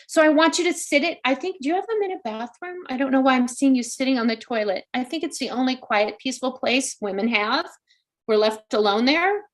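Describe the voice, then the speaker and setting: A woman hosting a live stream as a psychic medium, giving casual readings in an effusive, exclaiming way and speaking straight to her viewers. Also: sits high.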